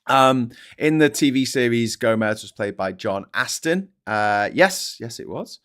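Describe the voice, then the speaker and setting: A man's voice: medium pitch, lively intonation, unhurried, fairly bright tone. A middle-aged man hosting a live stream, chatting casually and reading viewer comments, rambling and swearing, often laughing.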